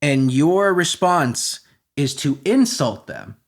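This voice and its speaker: A man's voice: on the high side, lively intonation, slow. A man hosting a podcast, delivering a heated, sarcastic, profane comedic rant. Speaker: podcast host.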